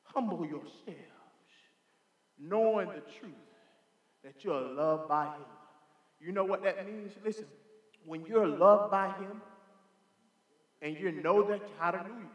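A man preaching a sermon in a church sanctuary, fervent and emphatic, calling out hallelujah and amen. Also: sits high. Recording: reverberant church hall.

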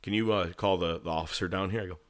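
A man casually telling a story, animated, swearing and laughing at his own misfortune. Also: sits low, fast talker. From California.

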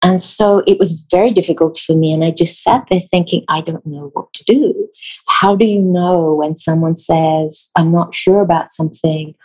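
A woman from Israel with an Israeli accent, a theatre designer telling anecdotes in an interview, animated and laughing often. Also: on the low side, normal speed, few pauses, rough recording. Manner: animated storyteller, laughs often, acts out quotes.

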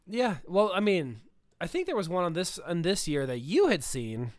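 A man co-hosting a casual podcast chat, his slightly high voice smooth and resonant. He talks with lively swings in pitch and laughs easily. The sound is dry and close. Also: moderate pace, dry recording. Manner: animated, laughs often, acts out quoted voices. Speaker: podcast co-host.

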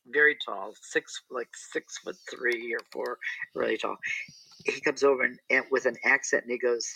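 A man's voice: mid-range voice, fairly even intonation, normal speed, vocal fry, bright, forceful tone, husky, no room sound, rough recording. Chatty man telling a rambling story. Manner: chatty, rambling with restarts and asides. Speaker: interview guest, entertainer. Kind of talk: casual storytelling interview.

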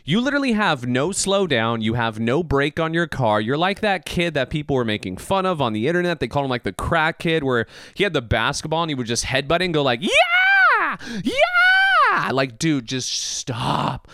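Animated, excitable man ranting on a podcast. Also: on the high side, a little fast, few pauses, no echo, clean studio sound. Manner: animated, laughing, swearing, mock voices. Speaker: podcast host. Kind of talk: casual anime podcast rant.

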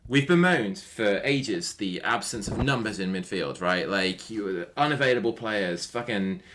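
A man hosts a casual football podcast, sounding laid-back and chatty. He laughs easily and drops the odd swear word. His voice sits a little low for a man. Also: expressive, unhurried, background noise. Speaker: podcast host.

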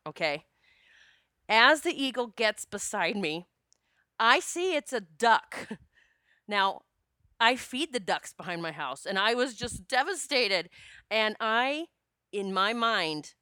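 Middle-aged woman telling a wild story, clear smooth voice, cusses and laughs a lot. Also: mid-range voice, no echo, clean studio sound. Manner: animated, swearing, laughing storyteller. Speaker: author and speaker. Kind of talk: casual storytelling.

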